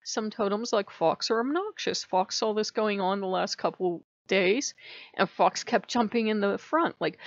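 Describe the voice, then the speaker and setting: A woman's voice: mid-range voice, measured pace, no echo. A woman vlogging in a rambling, chatty way, often laughing as she talks. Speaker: spiritual vlogger. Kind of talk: casual chat. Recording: dry, slightly muffled lo-fi.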